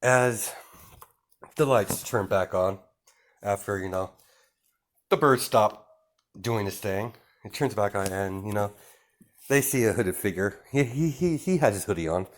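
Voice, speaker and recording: Young male amateur storyteller; slow, low, rambling fan-fiction narration. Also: expressive. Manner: rambling, full of fillers and restarts, laughs at own story.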